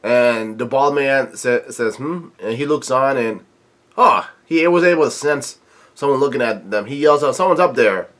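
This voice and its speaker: A man hosting a manga reaction, reading a chapter aloud with his own remarks. He talks haltingly, with frequent restarts and fillers. He reads the characters' lines flatly. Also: medium pitch.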